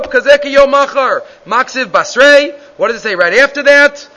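A man's voice: very high voice, lively intonation, normal speed, pushed and bright. A man teaching a Gemara class, reading the Hebrew and Aramaic text in a sing-song chant and explaining it in English, with many restarts. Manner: reads Hebrew and Aramaic text aloud, then translates into English. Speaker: Talmud teacher. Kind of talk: Gemara shiur. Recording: dull lo-fi recording.

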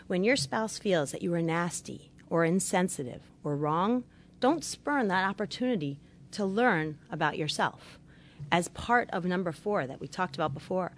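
Middle-aged woman therapist, lowish voice, earnest, keeps repeating her points. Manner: earnest and gently emphatic, repeats key points. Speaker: marriage therapist. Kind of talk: instructional talk on marriage with religious teaching.

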